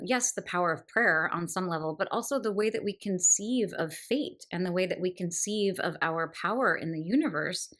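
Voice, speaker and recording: A woman's voice: lowish voice, a bit bright. A woman hosting a book podcast, talking through a novel with admiring enthusiasm and thoughtful asides. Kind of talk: literary discussion monologue.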